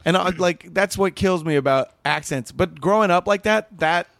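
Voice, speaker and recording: A man's voice: high voice, moderate pace, creaky, a bit bright, no echo, studio quality. A young man from Kansas, a comedian, telling rambling stories in casual podcast chat and acting out the people he quotes. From Kansas, USA. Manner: rambling storytelling, acts out quotes. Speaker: comedian guest.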